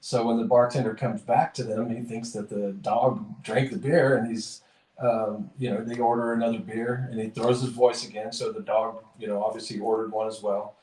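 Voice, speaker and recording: A man's voice: fairly low pitch, flat delivery, moderate pace, darkish tone. Man, podcast host, casual rambling chat, roomy sound, distant mic. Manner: rambling, self-correcting, chuckling storyteller. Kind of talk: casual chat and joke telling.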